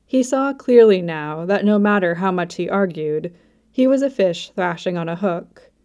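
A woman narrating a story in a soft, even storytelling manner. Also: lowish voice, normal speed. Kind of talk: scripted narration.

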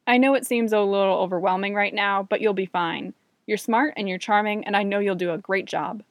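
A woman's voice: medium pitch, fairly even intonation, a little fast, dry recording, clean studio sound, natural voice. A woman voicing an earnest, kind young male staffer in a read-aloud story.

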